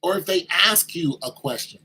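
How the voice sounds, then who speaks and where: A man's voice: high voice, animated, moderate pace, gravelly, sharp tone, husky, poor audio. A man giving an informal sermon-style talk, conversational, acting out little exchanges with kids in raised voices.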